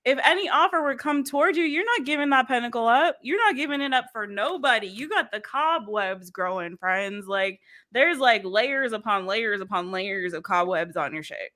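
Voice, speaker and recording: A woman's voice: on the high side, expressive, normal speed, hardly any pauses, bright, forceful tone. A woman tarot reader chatting casually and playfully with lots of slang and laughter. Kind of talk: casual tarot reading chat.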